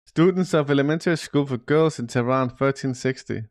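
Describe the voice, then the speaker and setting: A man's voice: medium pitch, brisk, no room sound, clean studio sound. A man live streaming and chatting casually about the news, loose and swearing, calling his viewers "dude" often. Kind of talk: casual chat.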